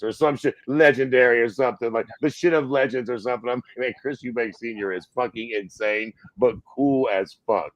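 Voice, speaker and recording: Male podcast host, animated profane ranting, dry close recording. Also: medium pitch, brisk, hardly any pauses, dry recording, poor audio. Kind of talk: casual chat.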